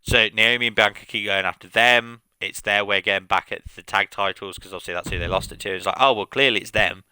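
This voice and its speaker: A man with a very bright, clean voice chats casually on a game stream, retelling plots in a rambling, animated way. The sound is dry and close. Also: on the low side, fast talker, clean tone, no room sound. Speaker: gaming streamer. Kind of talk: casual chat recapping storylines.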